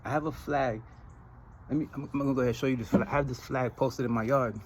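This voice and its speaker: A Trinidadian man hosting a podcast in a casual monologue, telling animated stories and laughing often. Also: mid-range voice, fast, slight background noise, rough recording. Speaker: podcast host.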